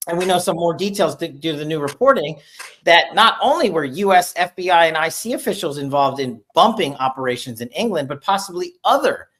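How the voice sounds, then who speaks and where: A commentator at a middle pitch explains political events step by step. The delivery is brisk and detailed, building one point on the next. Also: lively intonation, a bit bright. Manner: brisk, detailed, lays out a sequence of facts. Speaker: commentator in a played clip.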